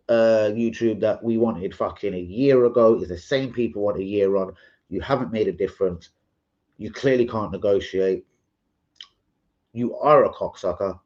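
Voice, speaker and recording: A man, ranting and joking with plenty of swearing on a casual live stream, mocking and animated. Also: fairly low pitch. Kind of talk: casual livestream rant. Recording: dull lo-fi stream audio.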